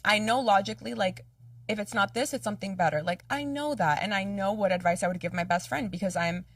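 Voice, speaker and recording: A woman's voice: medium pitch, fast talker, a bit bright, no echo, recorded from a distance. A woman podcast host chatting casually, self-deprecating and full of likes.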